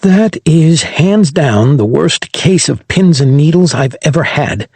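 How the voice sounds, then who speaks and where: A man doing a yelping, excitable young guy. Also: a little high, measured pace, breathy edge, no room sound, pitched above the performer's own voice, exaggerated voice. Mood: pained. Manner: strained, yelping outbursts.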